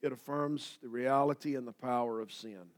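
A pastor preaching a sermon, swinging between loud declarations and quiet asides. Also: male voice, medium pitch, fairly even intonation, normal speed.

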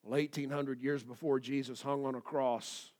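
A pastor preaching a sermon, swinging between loud declarations and quiet asides. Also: male voice, medium pitch, flat delivery, moderate pace.

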